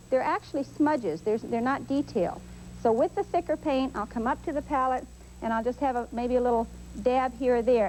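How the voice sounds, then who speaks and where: A woman hosting a painting show, gently talking viewers through a step-by-step demonstration. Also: sits high, low-quality recording. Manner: gentle, encouraging instructor. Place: TV studio. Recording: faint hum from old VHS tape.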